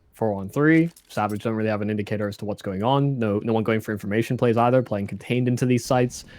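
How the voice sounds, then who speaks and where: A man's voice: medium pitch, a little mellow, dry recording. Male esports analyst, color commentary, explanatory, hedging, mid-range voice. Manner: explanatory, hedging with fillers and restarts.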